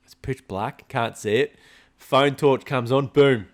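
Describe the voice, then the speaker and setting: An Australian man co-hosting a podcast, telling animated stories in casual chat, swearing freely and laughing often. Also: medium pitch, slow. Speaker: podcast co-host.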